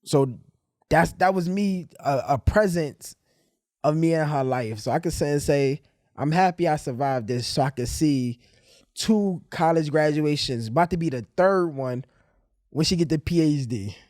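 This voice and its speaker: A man hosting a podcast, telling stories in a loose, animated way. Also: a little high, moderate pace, no echo, clean studio sound. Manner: storytelling, animated retelling. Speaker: podcast host. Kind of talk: casual podcast chat.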